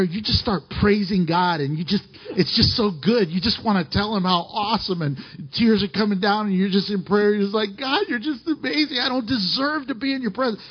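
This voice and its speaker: A man delivers a sermon in a high, husky voice, reading scripture aloud between stretches of heartfelt commentary. His preaching surges with fervor and then drops to near whispers. The recording sounds dull and lo-fi. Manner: emotional, rising and falling preaching with scripture readings. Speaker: pastor.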